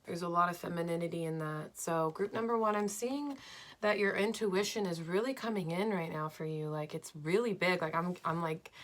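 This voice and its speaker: A young woman reading tarot cards for her viewers at home, slow and dreamy but enthusiastic, with lots of "like"s. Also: fairly low pitch. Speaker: tarot card reader. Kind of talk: pick-a-card tarot reading.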